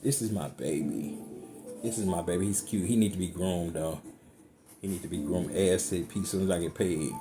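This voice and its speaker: A man giving a casual tarot reading to his viewers, chatty and emphatic, swearing freely. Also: lowish voice. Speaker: tarot card reader. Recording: music playing underneath.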